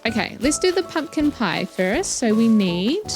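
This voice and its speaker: A woman's voice: fairly high pitch, animated, moderate pace, few pauses. A woman with a New Zealand accent giving chatty, playful commentary while playing a video game. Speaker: let's play host. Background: game music.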